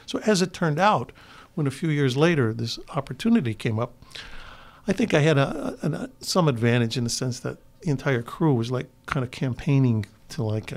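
Gravelly older man. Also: medium pitch, animated, normal speed. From Chicago. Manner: rambling anecdotes with frequent restarts. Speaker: guest actor. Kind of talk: relaxed interview storytelling.

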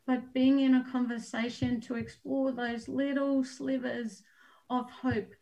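A woman's voice: sits high, little pitch movement, measured pace, dark tone, poor audio. A woman co-hosting an online event, speaking in an earnest and open way. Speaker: co-host and organizer. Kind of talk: heartfelt address. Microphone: video call.

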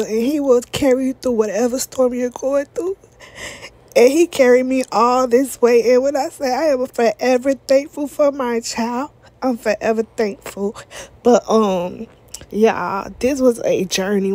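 A woman's voice: fairly high pitch, darkish tone, no echo. Emotional young woman telling a testimony. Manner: repetitive emphatic phrasing, addresses viewers as y'all. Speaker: vlogger.

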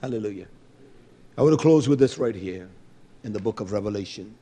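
A man's voice: fairly low pitch, animated, brisk, mellow, breathy edge. A male preacher delivering a fervent, blunt sermon, repeating his phrases and calling out to the congregation.

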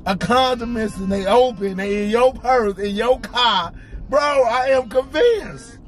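A young man filming a prank vlog, shouting and pleading in a distraught argument with his girlfriend. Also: very high voice, a little slow, faint music behind. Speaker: vlogger.

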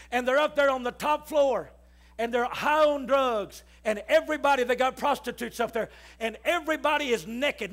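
Male pastor, high voice, storytelling sermon with shouted calls to the congregation. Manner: storytelling preacher, rising to shouts, call-and-response with the congregation. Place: church.

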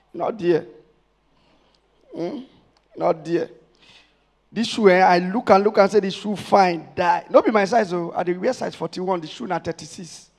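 A man with a Nigerian Pidgin accent from Warri doing stand-up comedy on stage, chatty and animated, building to loud punchlines. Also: sits high, vocal fry. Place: stage before a live audience.

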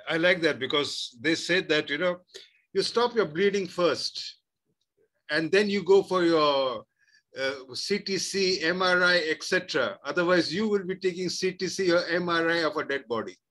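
A man's voice: fairly high pitch, moderate pace, sharp tone. A man hosting an interview who repeats his reactions and draws on medical comparisons. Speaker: host. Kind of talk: conversational interview.

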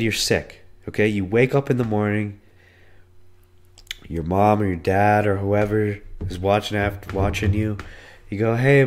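A man in his twenties hosting a solo podcast, hoarse from being sick, telling a rambling, profane story. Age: 20s. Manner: voice cracks and breaks on high notes. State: hoarse, losing his voice from illness. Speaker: podcast host. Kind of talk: casual solo podcast monologue.

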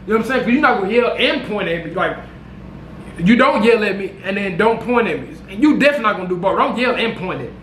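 A man telling a story to camera in a casual, slangy, animated way, repeating himself. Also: high voice, very fast, reverberant, a little hiss or hum. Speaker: vlogger. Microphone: camera mic.

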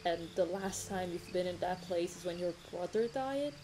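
A woman's voice: fairly low pitch, normal speed. A young woman streaming a game, chatting effusively, apologizing often and swearing casually, sometimes while eating. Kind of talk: casual let's-play commentary. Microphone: desk mic. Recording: game music behind the voice. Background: game music.

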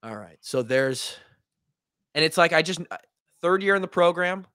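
A man's voice: fairly high pitch, normal speed, clear, resonant tone, no room sound. Young guy from iowa on a podcast, spins a wild locker room story, swears a lot, dry close mic. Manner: animated storyteller, acts out quotes, swears. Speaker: podcast host, former player. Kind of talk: casual storytelling chat.

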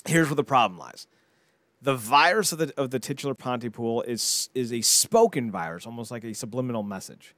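A man co-hosting a casual podcast, retelling movie plots with lively, mocking energy and frequent stumbles and repeated words. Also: mid-range voice, a little fast, no echo. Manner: animated storyteller, mocking voices for quoted characters, frequent repeated words. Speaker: podcast co-host.

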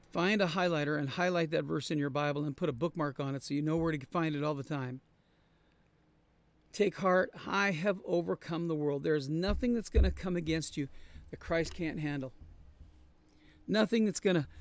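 A man with a fairly high voice preaches to his congregation. He talks in an earnest, conversational way and leans on repetition to make his points land. His tone stays steady and plain throughout the sermon. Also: normal speed, long pauses. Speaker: pastor. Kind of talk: sermon-style Bible study. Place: traveling, on the road.

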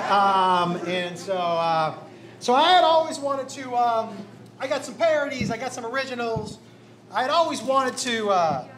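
A male stand-up comedian telling animated, crude stories on a club stage into a handheld mic. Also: high voice, slight background noise. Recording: echoey comedy club with loud crowd.

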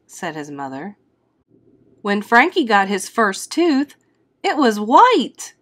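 A woman reading a children's storybook aloud in a slow, expressive, teacherly way. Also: medium pitch. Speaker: read-aloud host.

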